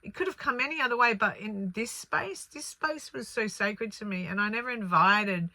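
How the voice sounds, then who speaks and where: A woman who works as a spiritual channeller, telling a personal spiritual story in an earnest, animated way with many fillers. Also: medium pitch, moderate pace, no room sound.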